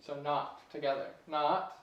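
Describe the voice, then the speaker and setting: A young man giving a casual piano lesson, relaxed and chatty, chuckling at himself now and then. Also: on the high side, measured pace, recorded from a distance, highs cut off. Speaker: piano teacher. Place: room with a piano. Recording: echoey room, voice off-mic.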